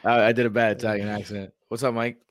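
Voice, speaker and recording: A man's voice: lowish voice, flat delivery, quick pace. A man co-hosting a podcast, chatting casually in a slangy, loose and rambling way. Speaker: podcast co-host. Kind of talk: casual chat.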